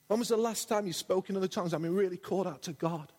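A man preaches with fervour, his voice husky and a little high for a man. He leans on repetition to drive his points home. A long church hall reverb trails every phrase. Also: fast, a little mellow. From England. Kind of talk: sermon.

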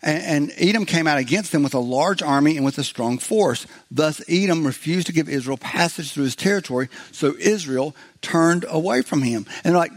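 Speaking at a normal speed with few pauses, a pastor with a fairly high voice delivers a casual, talky sermon. He plays biblical characters for laughs and leans on frequent fillers and restarts.

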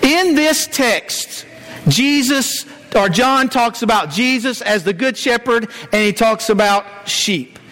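A man's voice: extremely high pitch, lively intonation, slow pace, sharp tone. A man from Georgia, preaching a sermon in a folksy, storytelling way, with many "uh" fillers. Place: church sanctuary. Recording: long church reverb.

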